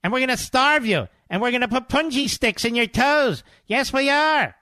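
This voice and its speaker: A man's voice: animated, normal speed, sharp tone, no echo, heavily acted. A man putting on a whiny, taunting voice of boastful male politicians, making threats with stumbling fillers. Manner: high sneering mock voice, stumbling threats.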